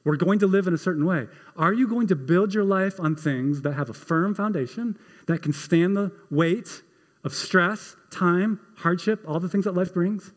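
A man's voice: high-pitched, moderate pace, long reverb tail. A middle-aged man preaching a sermon as pastor, conversational and emphatic, with repeated phrases and a self-deprecating touch.

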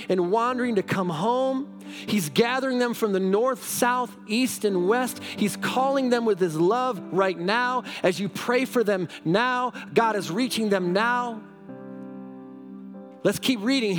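High-voiced fervent preacher over music. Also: male voice. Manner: fervent, exhorting, repeats "now". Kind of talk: sermon with scripture reading. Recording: background music.

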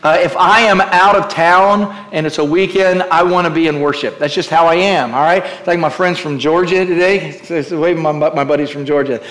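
A man's voice: on the high side, fairly even intonation, moderate pace, hardly any pauses, a bit bright. A man preaching a sermon as pastor, with many filler "uh"s, calling out questions to the congregation. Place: church sanctuary. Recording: echoey church room.

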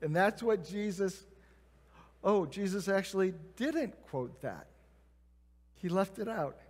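A man's voice: sits high, lively intonation, slow. A man preaching a conversational sermon, acting out quoted prayers and replies. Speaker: pastor. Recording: long reverb of a church hall.

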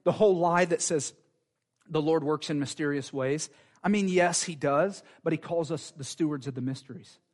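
Man preacher, high voice, fervent and chatty, sermon delivery. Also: darkish tone. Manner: fervent, conversational preaching with quick asides.

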